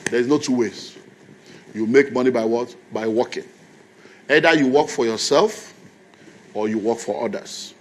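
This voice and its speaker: A man's voice: medium pitch, unhurried, long pauses. A man with a Nigerian accent preaching a sermon in a church, telling stories conversationally and repeating his points to the congregation. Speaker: pastor.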